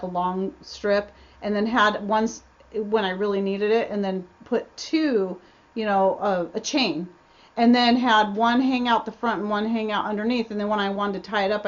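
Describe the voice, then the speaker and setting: A woman hosting a casual livestream Q&A from her homestead, chatty and rambling, often restarting her sentences. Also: mid-range voice. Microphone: webcam mic. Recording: slightly dull webcam audio.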